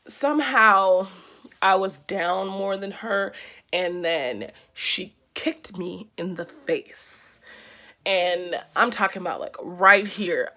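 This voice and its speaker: Lively young woman telling a storytime. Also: fairly low pitch. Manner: animated, slangy storytelling with quick asides. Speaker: vlogger. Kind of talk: storytime vlog.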